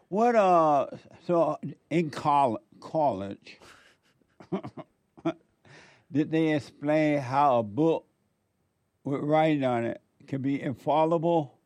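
A preacher from Alabama, chatting casually and asking quizzical, teasing questions. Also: male voice, on the high side, extremely slow, long pauses, darkish tone, dry recording. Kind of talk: casual conversation.

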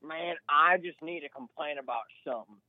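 A man's voice: on the high side, a little fast, dry recording. Agitated male caller on a tinny phone line. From Minnesota. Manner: agitated complaining. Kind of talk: call-in radio talk.

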